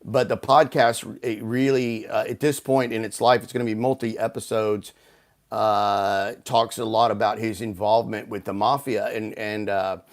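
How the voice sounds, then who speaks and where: A guest author from Houston, United States, tells a long story over a video call in a casual storytelling interview, rambling with lots of restarts and fillers. His voice is fairly low, with little pitch movement, and he speaks at a moderate pace.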